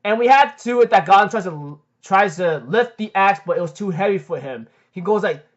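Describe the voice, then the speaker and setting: High-voiced young man rambling through a recap. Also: lively intonation, moderate pace. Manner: rambling, with many fillers like "um" and "like". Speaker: anime recap vlogger. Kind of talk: casual episode recap. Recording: dull lo-fi recording.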